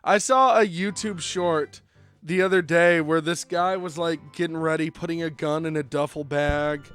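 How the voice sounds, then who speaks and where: A male streamer chatting casually while he plays, spinning rambling anecdotes full of fillers. His voice sits a touch high and he talks animatedly. Soft game music runs underneath. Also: fairly even intonation, moderate pace, clear, resonant tone. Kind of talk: casual gameplay chat.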